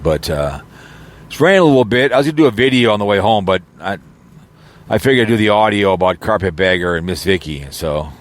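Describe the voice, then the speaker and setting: A man's voice: on the low side, lively intonation, fast, a little hiss or hum. A man rambling casually in an audio vlog, joking around with lots of fillers and false starts, recorded in his car. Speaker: YouTuber.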